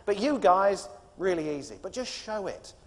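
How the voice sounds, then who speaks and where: A British man giving a motivational business keynote, telling stories with animated, punchy emphasis. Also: high voice, moderate pace, in a large hall. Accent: British English. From Britain.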